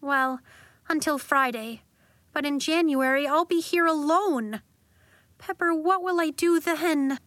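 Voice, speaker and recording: A woman voicing a sad, weepy young girl in a storybook reading, pleading in a high voice. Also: measured pace, fairly bright tone, dry recording, clean studio sound.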